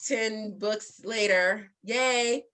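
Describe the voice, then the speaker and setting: Bright, bubbly woman writing coach. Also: mid-range voice, extremely slow. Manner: bubbly storyteller, playful self-mockery. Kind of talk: casual chat.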